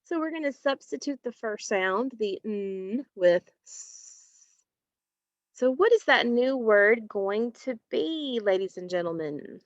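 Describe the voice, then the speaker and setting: A woman teaching a phonics lesson, slowly stretching out and repeating sounds and words, and praising her students. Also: a little high, lively intonation, no echo. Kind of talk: slow, clearly enunciated phonics lesson. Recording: dry, dull lo-fi recording.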